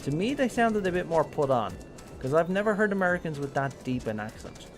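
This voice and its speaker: An Irish man casually commenting on a game during a live stream, chatty and rambling, often pausing with ums. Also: on the high side, sing-song, faint music behind. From Ireland. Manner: chatty, rambling, thinking aloud with many ums.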